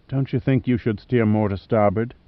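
A male narrator voicing a weary, hopeful Australian woman adrift at sea, speaking softly and dreamily. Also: lowish voice, normal speed, no echo, close to an everyday voice. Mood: dreamy. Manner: soft, dreamy, then eager. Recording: slightly muffled dry studio.

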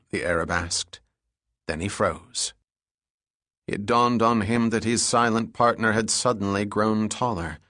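A male narrator reads an action audiobook in a steady, measured way. His voice sits low. The sound is dry, close and free of room echo.

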